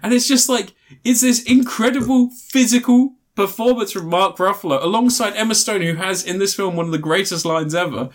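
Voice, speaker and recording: A man's voice: high voice, fairly quick, few pauses. A man hosting a casual film review podcast, retelling scenes animatedly with frequent laughter. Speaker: podcast host.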